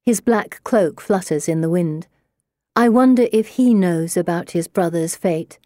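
A woman reading a novel aloud in the first person, measured and expressive. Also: fairly low pitch, no echo, studio quality. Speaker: audiobook narrator.

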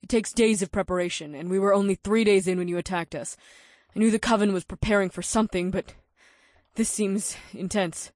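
A woman's voice: mid-range voice, fairly even intonation, brisk, a little mellow, dry recording, studio quality, natural voice. A woman voicing a proud, defiant young witch in an audiobook, insisting she is right. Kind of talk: audiobook dialogue reading.

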